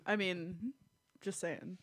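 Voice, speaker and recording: A woman's voice: lowish voice, steady tone, takes it slowly, a bit bright. A woman podcast co-host banters casually, teasing her partner and laughing easily.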